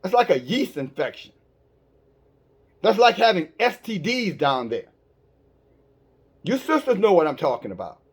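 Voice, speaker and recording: A man with a high voice preaching a sermon to his listeners. He presses each point hard and asks them questions directly. He often stumbles and restarts his words as he goes. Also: big pitch swings, unhurried, pauses often, slightly rough. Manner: emphatic, with frequent stammered restarts. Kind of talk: online sermon.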